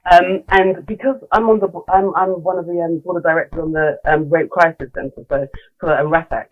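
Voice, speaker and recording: A woman's voice: lowish voice, fairly even intonation, brisk, narrow, tinny audio. A middle-aged woman, a guest in a casual podcast conversation, talking candidly with many fillers and restarts. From London. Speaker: guest, leadership coach.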